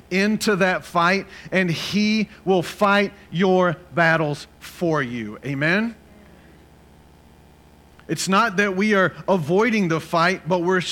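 A man's voice: sits high, a bit bright. A middle-aged man preaching a sermon as pastor, telling a personal story in a conversational way and asking the congregation for amens.

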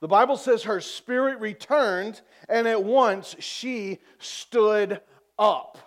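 A man delivers a sermon with a higher-than-usual voice. He preaches slowly and deliberately, repeating phrases for emphasis. When he quotes, he sinks into a soft, hushed tone. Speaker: pastor.

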